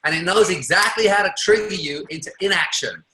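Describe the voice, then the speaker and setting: Bright echoey motivational man. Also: high-pitched, a little fast. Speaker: guest speaker. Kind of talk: motivational talk on a call.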